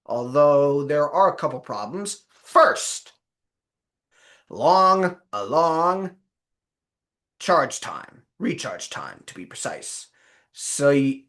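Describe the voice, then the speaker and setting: Slow, lively man in a put-on Australian accent. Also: mid-range voice. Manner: playful, rambling, with self-corrections. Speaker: game guide narrator. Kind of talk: casual video game guide narration.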